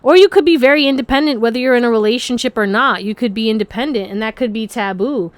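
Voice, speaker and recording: A woman's voice: fairly high pitch, fast talker, no room sound. A young woman giving a casual pick-a-card tarot reading, chatty and rambling, swearing freely and laughing often.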